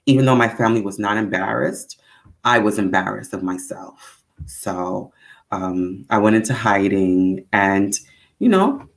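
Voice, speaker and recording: Animated woman with a Brooklyn accent. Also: creaky. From Brooklyn, New York. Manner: animated storyteller, acts out quotes with big pitch swings. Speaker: guest actor. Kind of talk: casual storytelling interview.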